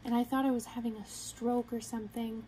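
A young woman with a fairly high, mellow voice tells a personal story straight to the camera. She talks in an earnest, halting way and quotes her own thoughts along the way. A faint hiss sits under the recording. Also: little pitch movement, low-quality recording. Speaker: vlogger.

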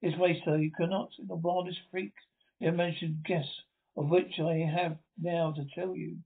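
A man voicing an urgent, commanding young gentleman, on a tinny lo-fi recording. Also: fairly high pitch, level tone, normal speed, vocal fry.

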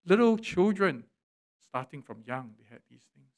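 A male pastor, preaching a sermon in church, swelling loud and dropping quiet for emphasis. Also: sits high, big pitch swings, normal speed. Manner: preaching with dramatic swells and drops in volume. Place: church sanctuary.

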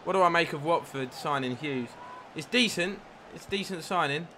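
A man live-streaming a football video game, commentating his own play, reacting loudly to chances and thanking new followers. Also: fairly high pitch, normal speed, a little hiss or hum. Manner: excitable, swears at the game, reads out followers. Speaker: gaming streamer. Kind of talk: live gameplay commentary with chat.

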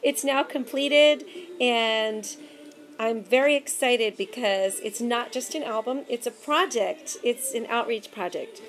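Bubbly high-voiced woman giving a video update. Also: takes it slowly. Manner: bubbly and effusive, says darling. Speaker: gospel recording artist. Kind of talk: casual video update to supporters. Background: faint music with a man singing.

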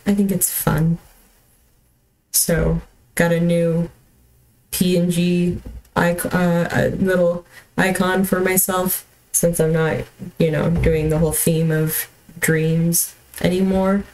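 A woman's voice: on the low side, level tone, takes it slowly, darkish tone, a little hiss or hum, poor audio. A young woman streaming a video game from home, talking casually with lots of fillers and restarts and often apologizing with a laugh. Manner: rambling, chatty, many fillers and restarts. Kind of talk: casual livestream chat while gaming.

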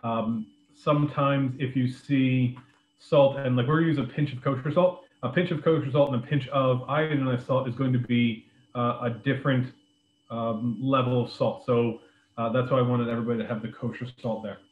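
A man leading a live online drink-making class, explaining ingredients in a relaxed way with lots of ums and uhs. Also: medium pitch, normal speed. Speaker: beverages director teaching a cocktail class. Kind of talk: live online cooking demonstration. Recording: echoey room over a phone-like line.

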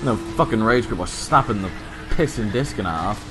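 A man's voice: fairly low pitch, animated, moderate pace. A man commentating a racing game, cursing and venting his frustration in outbursts. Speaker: let's play gamer. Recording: faint game music behind.

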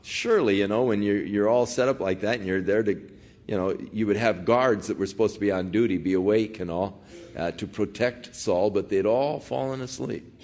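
A man's voice: lowish voice, normal speed, a little mellow. A man preaching an expository sermon in a conversational, folksy way. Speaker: pastor.

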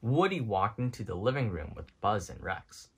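A man reading a children's picture book aloud in an expressive, storytelling style. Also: on the low side, normal speed, breathy edge. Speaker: storybook reader.

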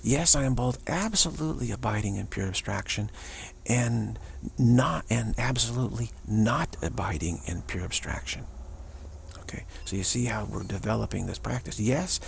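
A man giving a spiritual talk as a teacher, musing and repeating himself, with many restarts and drops into soft whispers. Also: fairly low pitch, normal speed, gravelly, slight background noise.

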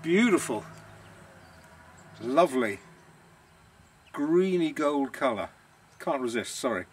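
A man's voice: medium pitch, expressive, takes it slowly, husky. A man, the owner of a villa rental business, chatting casually on a vlog in a self-deprecating, savouring way.

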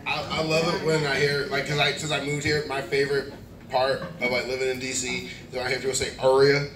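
A man and guest comedian chatting on a panel, telling funny stories in an animated, laughing way. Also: mid-range voice, fairly quick, distant mic. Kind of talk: casual comedic panel chat. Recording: roomy live venue, mic from afar, loud crowd.

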